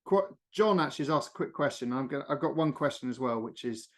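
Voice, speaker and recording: A man hosting a video call discussion, brisk and appreciative as he thanks the speaker and moves to questions. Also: mid-range voice, expressive. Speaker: host.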